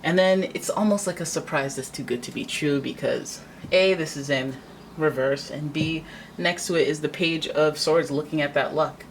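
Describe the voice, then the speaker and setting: Low-voiced chatty woman tarot reader. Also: normal speed, slight background noise, low-quality recording. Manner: chatty, dramatic, acts out quoted voices. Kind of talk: casual tarot reading.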